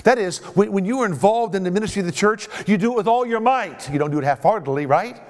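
A man's voice: sits high, fast talker. A middle-aged man preaching a sermon as a pastor, repeating phrases for emphasis and often asking the congregation "right?".

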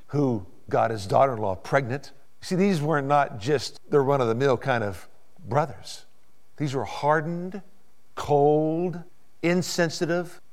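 A man preaching a sermon, building to loud peaks and dropping to hushed asides, often repeating words as he goes. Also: medium pitch. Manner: dramatic, swings from hushed to loud climaxes. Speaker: pastor.

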